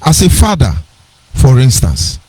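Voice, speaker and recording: A man's voice: medium pitch, wildly swooping pitch, a little slow, a little mellow, no room sound, low-quality recording. A middle-aged man with a Nigerian accent, giving an earnest personal storytelling talk on a radio program, digressive and with sing-song emphasis.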